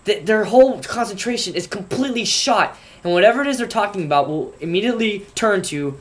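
A young man in college telling a funny story in casual chat, animated and rising to outraged bursts. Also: high-pitched, a little fast. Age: young adult. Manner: animated storyteller, voice jumps up when acting outraged.

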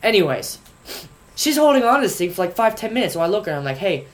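Animated young man telling a story. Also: high-pitched, quick pace. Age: young adult. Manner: animated storyteller, voice jumps up when acting outraged. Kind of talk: casual storytelling chat.

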